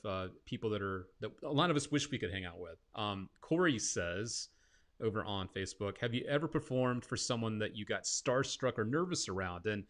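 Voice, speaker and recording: A man hosting a casual interview, relaxed and reading out viewer questions. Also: medium pitch. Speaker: interview host.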